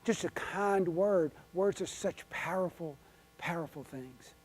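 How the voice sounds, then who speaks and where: A man giving a conference keynote, telling folksy stories with an animated, emphatic delivery. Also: high voice, takes it slowly, slight background noise. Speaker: keynote speaker. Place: conference hall.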